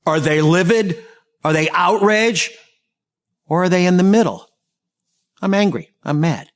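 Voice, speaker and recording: A man giving a training talk on listening, anecdotal and humorous with lively asides. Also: high-pitched, unhurried. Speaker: communication trainer.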